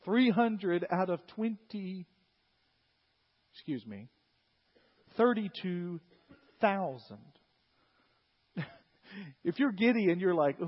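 A pastor preaching a sermon, animated and conversational, retelling scripture and acting out its figures in asides. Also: male voice, high voice, slow, long pauses, slightly rough. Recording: long hall reverb, dull lo-fi sound.

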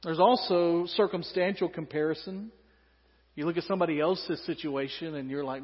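A man's voice: a little high, normal speed, in a large hall, highs cut off. A man with a Southern US accent preaching a sermon in a conversational way, with joking asides. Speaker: pastor.

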